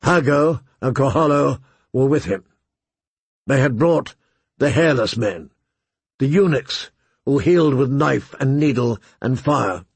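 A man narrating an audiobook in a measured, unhurried reading voice with a gravelly, husky quality. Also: medium pitch, lively intonation, no room sound.

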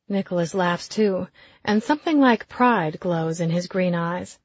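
A woman reading a first-person audiobook in an even, intimate storytelling voice. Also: fairly low pitch, measured pace, dry recording, highs cut off. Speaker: audiobook narrator.

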